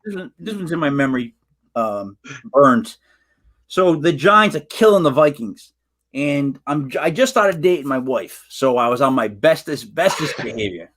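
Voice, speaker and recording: A man's voice: medium pitch, normal speed. A man co-hosting a sports podcast, telling stories in casual chat and acting out the quotes. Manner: animated storyteller, acts out quotes. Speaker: podcast co-host.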